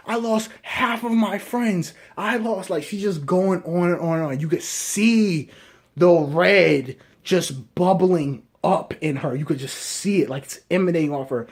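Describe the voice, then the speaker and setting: A man's voice: high-pitched, a little mellow. Rambling man reviewing a movie. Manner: rambling, keeps asking "right?", restarts often. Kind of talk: casual spoken film review.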